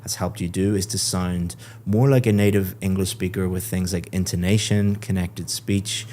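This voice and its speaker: A man's voice: sits low, steady tone, moderate pace, darkish tone, slight background noise. An Irish man, an English teacher, giving encouraging feedback on a speaking test and explaining things patiently. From Ireland. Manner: encouraging, explanatory, laughs often.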